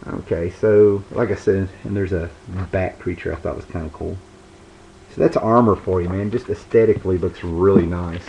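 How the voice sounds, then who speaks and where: A man's voice: deep voice, a little mellow. A man casually showing and reviewing old comic books, rambling with lots of fillers and restarts. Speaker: comic book video host. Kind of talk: casual show-and-tell review. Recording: dull lo-fi home recording with faint background hiss.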